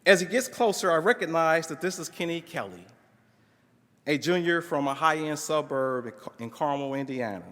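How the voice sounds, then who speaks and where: A man's voice: a little high, expressive, normal speed, a bit bright. A man at a conference reading a narrative aloud with expression, acting out the dialogue in shifting voices. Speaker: conference speaker reading a case story. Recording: long reverb of a large hall.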